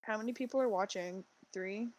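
A woman's voice: mid-range voice, fairly quick, a little mellow, dry recording, poor audio. Rambling chatty woman on voice chat. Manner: rambling, full of likes and ums. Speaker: co-player and friend of the streamer. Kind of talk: casual voice chat while gaming.

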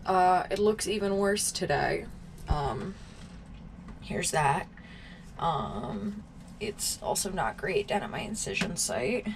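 A woman's voice: fairly low pitch, animated, slow, background noise. A woman in her twenties talking casually to the camera at home in a wry, self-deprecating video diary. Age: 20s. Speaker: vlogger. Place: at home, indoors.

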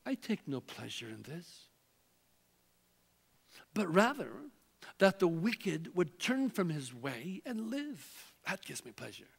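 Man, pastor, impassioned sermon, higher voice, long church reverb. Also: sing-song, slow, vocal fry, pauses often, husky. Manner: impassioned preaching, swinging from loud calls to hushed near-whispers. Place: church sanctuary.

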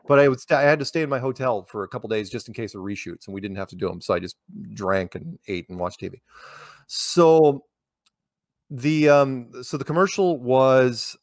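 A man's voice: medium pitch, dry recording, studio quality. An American man telling stories in a casual interview, rambling with many restarts and repeated words. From United States. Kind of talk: casual conversational storytelling.

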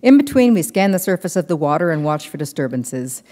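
A woman's voice: low voice, very animated, a little fast, warm tone. A woman reading aloud, voicing a pushy male monster hunter who gives urgent orders. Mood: commanding.

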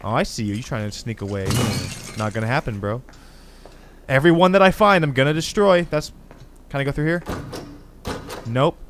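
A man hosting a gaming channel, giving excitable, slangy commentary as he plays a horror game. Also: mid-range voice, moderate pace, long pauses, a little hiss or hum. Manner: excitable, exclamatory, casual slang. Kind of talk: let's play commentary.

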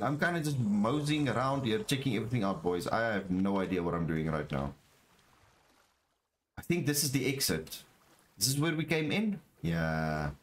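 A man streaming a game live, talking to his chat and exclaiming over what he finds, with low murmurs that jump to excited shouts. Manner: excitable, repeats phrases, talks to chat. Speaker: gaming streamer. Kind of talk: live gameplay commentary.

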